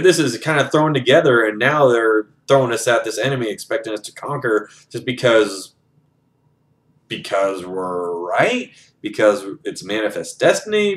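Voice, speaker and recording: A man's voice: medium pitch, fairly bright tone, reverberant, close to an everyday voice. A man voicing an angry young male soldier who swears and vents his frustration. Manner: exasperated, profane.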